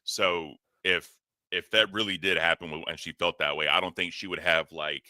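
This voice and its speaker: A man calmly reasoning through a point in casual commentary chat. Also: low-pitched, normal speed, dry recording.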